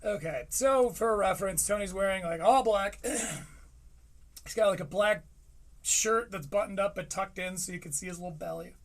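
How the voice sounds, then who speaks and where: A man from Michigan giving casual, joking live-stream commentary on a comedy special, swearing freely between quick asides. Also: sits high. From Michigan, USA. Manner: profane, joking, fast asides.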